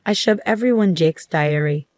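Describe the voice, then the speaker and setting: A woman narrating a first-person story in an even, earnest scripted style. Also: lowish voice, moderate pace, dry recording. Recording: faint background music.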